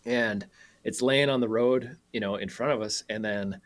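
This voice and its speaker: A young man telling a travel story on a radio show, animated and laughing, with many fillers and restarts. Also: medium pitch, normal speed. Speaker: guest photographer and hunter.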